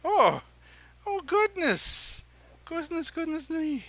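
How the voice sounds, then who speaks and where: A man voicing a flamboyant, fussy dandy gentleman who gushes with effusive exclamations. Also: very high-pitched, sing-song, slow pace, voice pushed up, full character voice. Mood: delighted.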